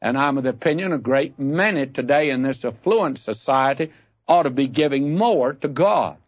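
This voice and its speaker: A man's voice: mid-range voice, animated, normal speed, no room sound, dull audio. An older man teaching the Bible on radio, telling folksy stories and throwing out emphatic questions.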